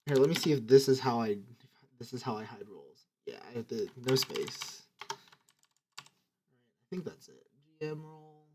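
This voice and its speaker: A man's voice: medium pitch, moderate pace, long pauses. A man narrating as game master, stumbling and restarting often, over a noisy voice call. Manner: hesitant narration with many restarts. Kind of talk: running a tabletop game online.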